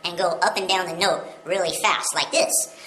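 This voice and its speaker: Low-voiced woman teaching in an echoey room. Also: steady tone, normal speed, background noise. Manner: friendly, plain step-by-step explaining. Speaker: yodeling teacher. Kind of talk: casual video lesson. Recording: roomy echo with music behind.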